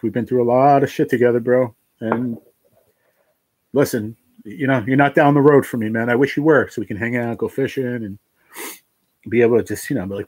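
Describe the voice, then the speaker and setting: A man hosting a livestream, crying and thanking his viewers in a heartfelt, halting way. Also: medium pitch, darkish tone, no room sound. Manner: tearful, heartfelt, halting with restarts. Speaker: livestream host reading chat. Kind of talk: emotional livestream chat.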